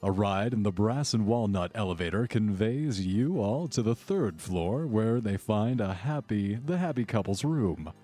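A man running a tabletop game as game master, narrating scenes in a measured, descriptive way with slow dramatic pauses. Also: lowish voice, animated, dark tone, soft background music.

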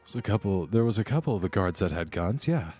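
A man's voice: deep voice, lively intonation, fast, dark tone, soft background music. A man voicing an exhausted, frightened woman worker who has fled a desert camp and curses bitterly as she talks. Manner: curses angrily, breathless and defensive.

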